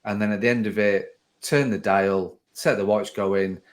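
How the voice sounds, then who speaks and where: A man's voice: on the low side, steady tone, normal speed. Rambling conversational podcast host man. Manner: rambling, self-correcting, conversational. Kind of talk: casual podcast chat.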